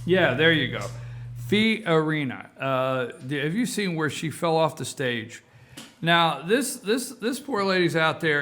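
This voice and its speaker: A man hosting a talk show, giving casual political commentary and repeating himself for emphasis. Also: on the high side. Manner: animated, repeats himself for emphasis, addresses folks.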